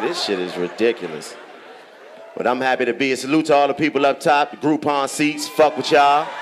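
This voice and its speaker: A man with a Washington DC accent doing stand-up, ribbing the audience with loud, profane banter. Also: medium pitch, a little hiss or hum. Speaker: stand-up comedian. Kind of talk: crowd work stand-up. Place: large theater on stage.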